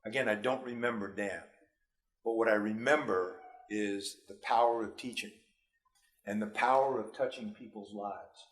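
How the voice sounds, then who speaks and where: A man's voice: lowish voice, normal speed, fairly bright tone. Earnest New York man telling his story. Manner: earnest, personal storytelling with repeated restarts. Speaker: school superintendent. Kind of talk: motivational speech to students.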